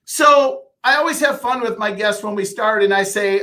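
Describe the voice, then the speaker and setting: A man hosting a podcast interview, eager in his introductions and questions and often halting with uhs and restarts. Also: high voice, sharp tone. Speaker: podcast host.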